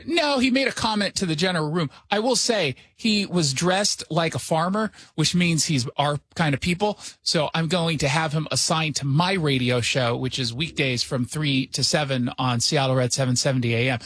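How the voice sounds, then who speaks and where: Bright, high-voiced sarcastic male host. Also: normal speed, hardly any pauses, husky, no room sound. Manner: sarcastic, joking asides. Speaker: radio show host. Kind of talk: casual opinion chat. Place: radio studio.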